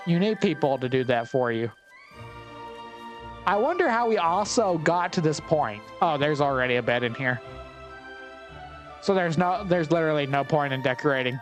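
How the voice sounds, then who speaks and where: A man's voice: fairly high pitch, expressive, moderate pace, long pauses, soft background music. A man giving casual, wry commentary as he plays a cozy game, thinking aloud and teasing characters. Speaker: gameplay commentator.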